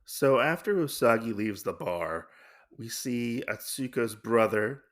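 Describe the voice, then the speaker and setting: A man's voice: mid-range voice, expressive, unhurried, a bit bright. A man hosting a podcast, casually recapping a comic story in a rambling way with fillers and self-corrections. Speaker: podcast host.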